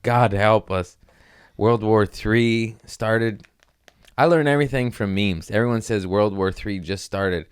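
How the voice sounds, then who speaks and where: A man's voice: fairly low pitch, unhurried, clear, resonant tone. A man hosting a comedy podcast, rambling through crude jokes in a casual monologue, giggling often and slipping into silly voices.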